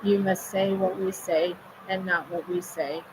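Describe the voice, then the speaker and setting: A woman speaks as a medium in a low, level voice that barely rises or falls. Her phrases circle back on themselves in a chant-like rhythm, and a steady hiss of background noise sits under her words. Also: unhurried. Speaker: spirit medium relaying messages.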